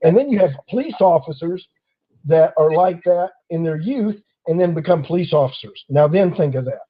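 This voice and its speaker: A man's voice: on the high side, animated, normal speed, breathy edge. A man in casual conversation, telling stories and acting out the people in them. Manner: storytelling, acting out quoted people. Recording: dull lo-fi audio.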